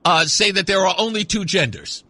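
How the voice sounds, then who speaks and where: A man's voice: sits high, sing-song, a little fast, pushed and bright, slightly rough, no room sound. A man hosting a call-in radio talk show, arguing insistently with a caller and repeating his points. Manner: insistent, argumentative, repeats himself. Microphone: studio mic.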